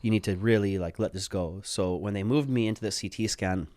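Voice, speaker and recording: A man guest telling a story in a relaxed way. He swears freely and acts out quotes. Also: on the low side, fairly quick, dry recording. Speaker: podcast guest. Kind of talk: casual storytelling.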